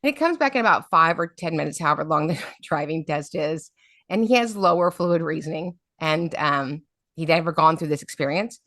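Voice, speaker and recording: A middle-aged woman tells stories as an interview guest. She often checks in with "right?" Her voice sits a bit low, and the recording is dry and close. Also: brisk, dry recording. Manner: lively storyteller, often adds "right?". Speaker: special education advocate, guest. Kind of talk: storytelling interview talk.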